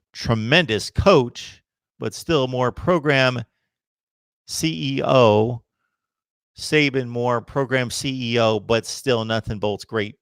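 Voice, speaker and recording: A man hosts a casual live sports chat, answering viewer comments one after another. He speaks at a middle pitch in an emphatic, opinionated way. The sound is dry and close, with almost no room echo. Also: creaky, smooth. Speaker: host of a college football livestream.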